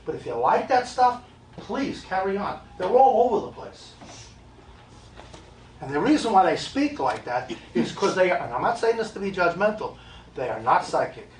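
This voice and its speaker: A very animated, high-voiced man from the United States performs as a medium before a live audience, speaking at normal speed. He's blunt and emphatic, repeating points and joking on the side, while the echoey hall, distant mic, and slight background noise color the sound.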